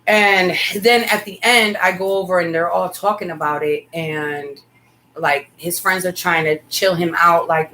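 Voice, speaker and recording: A woman's voice: deep voice, fairly even intonation, normal speed, sharp tone, a little hiss or hum, poor audio. A middle-aged woman and mother co-hosting a casual talk show, telling a family story with candid asides. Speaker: podcast co-host, mother.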